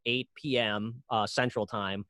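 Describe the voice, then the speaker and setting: A man's voice: on the low side, fairly even intonation, measured pace, sharp tone, dry recording, studio quality. A man who makes his own films, chatting in an interview and often restarting his sentences as he tells stories. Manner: rambling, self-correcting storyteller. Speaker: filmmaker guest. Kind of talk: casual interview chat.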